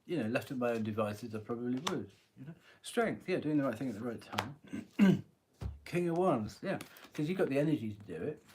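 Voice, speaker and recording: A man with a husky voice giving a live tarot reading, chatty and rambling, often clearing his throat. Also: mid-range voice, expressive, fairly quick, noisy background. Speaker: tarot reader.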